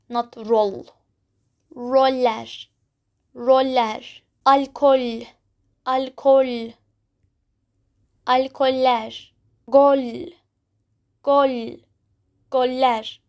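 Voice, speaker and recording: High, slow female teacher, patient and repetitive, walking beginners through pronunciation. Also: fairly even intonation. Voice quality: non-native English, simple phrasing with small grammar slips. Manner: patient, repeats words several times, drawn-out pronunciation examples. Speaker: Turkish language teacher. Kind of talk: slow explanatory language lesson.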